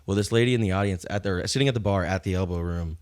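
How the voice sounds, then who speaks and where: A man's voice: sits low, rapid-fire. A young man, a stand-up comedian hosting a podcast, talking in a laid-back, drawling way and swearing casually.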